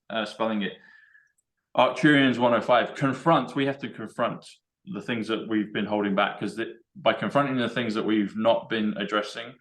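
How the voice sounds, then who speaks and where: An English man hosting a casual chat, excitable and rambling as he works through number codes aloud. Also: fairly low pitch, gravelly, roomy sound. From England. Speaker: show host.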